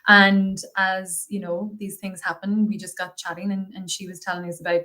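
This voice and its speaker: A woman's voice: mid-range voice, level tone, normal speed, sharp tone. A woman guest on a podcast interview, talking chattily and enthusiastically with plenty of fillers. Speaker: guest, consultancy associate partner.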